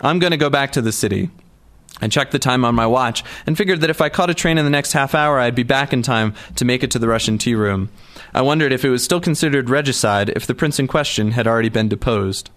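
A man's voice: medium pitch, fast, a bit bright. A male narrator reading a first-person story aloud in a wry, dry manner. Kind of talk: audiobook narration.

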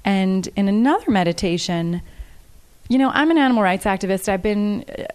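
A woman's voice: mid-range voice, expressive, a little fast, darkish tone. A woman speaking casually and earnestly to an audience, repeating each question aloud before she answers it.

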